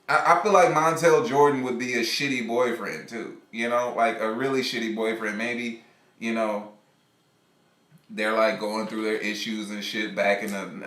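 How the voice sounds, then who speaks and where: A man streaming live, telling a rambling, animated story in casual, profane chat. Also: medium pitch, echoey room. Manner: rambling, animated, laughs often.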